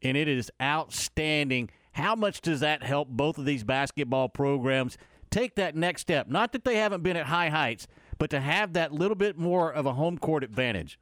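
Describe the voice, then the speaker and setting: Smooth-voiced sports radio host. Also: male voice, fairly high pitch, animated, moderate pace, fairly bright tone, no room sound, studio quality. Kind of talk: interview questions.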